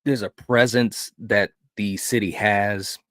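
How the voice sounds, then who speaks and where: A man hosting a film review podcast, retelling a horror movie in an animated, casual way with frequent restarts. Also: lowish voice, takes it slowly, dry recording, clean studio sound. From grew up in a city. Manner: animated storyteller, frequent restarts and "you know".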